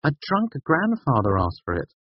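Audiobook: male narrator doing a teasing young woman, husky edge, dry dull sound. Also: fairly high pitch, wildly swooping pitch, moderate pace, dry recording, pitched above the performer's own voice. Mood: amused. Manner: raised, lighter voice, playful and teasing. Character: young woman, wry, teasing and quick-witted. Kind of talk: audiobook character voice. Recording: slightly dull, dry recording.

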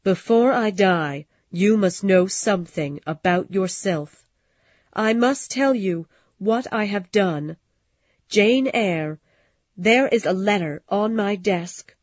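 A cold, spiteful old aunt on her deathbed, as a woman narrator puts her on, her voice husky and weak, the words coming slowly and hard. The dull, dry lo-fi sound keeps it close. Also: mid-range voice, lively intonation, no room sound. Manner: hard, accusing, weakening.

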